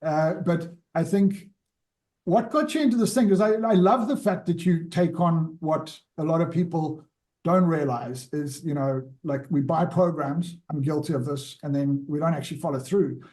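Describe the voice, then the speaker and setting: A man's voice: fairly high pitch, moderate pace, darkish tone. A man hosting an interview, talking loosely and restarting his sentences as he asks a question. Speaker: interview host. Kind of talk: casual interview.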